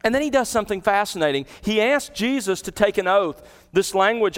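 A man with a high, smooth, resonant voice delivers an expository sermon from the pulpit. He teaches earnestly, retells the scene vividly and asks his listeners rhetorical questions. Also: expressive, fairly quick, hardly any pauses. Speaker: pastor.

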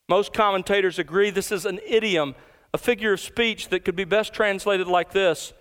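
Man preaching, high voice, smooth and resonant, emphatic, slows on key words. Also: a bit bright. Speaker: pastor. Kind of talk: sermon.

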